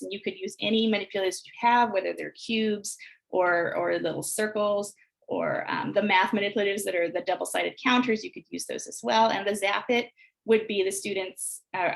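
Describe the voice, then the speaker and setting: An American woman demonstrating early literacy exercises, sounding out words slowly and deliberately. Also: medium pitch, gravelly. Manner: slow, deliberate sounding out of phonemes. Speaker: teacher trainer. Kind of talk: instructional screencast demonstration.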